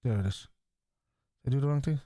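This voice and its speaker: Speaking fast in a warm, mid-range voice, a middle-aged Irish man keeps up casual, sweary chatter during a live football watchalong. He reacts to the game and reads out viewer comments. The recording is studio quality with no echo.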